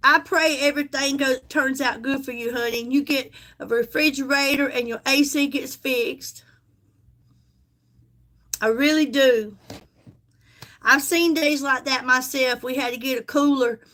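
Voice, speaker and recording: Bright, high-voiced Southern woman. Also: fairly even intonation, unhurried. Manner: folksy, chatty, calls viewers honey. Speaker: live-stream seller. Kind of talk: casual live-stream chat.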